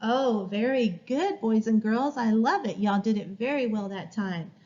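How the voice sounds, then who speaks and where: A woman teacher explaining classroom rules to young children in a slow, clear, sing-song way. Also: a little high, a little mellow. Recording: dull lo-fi recording.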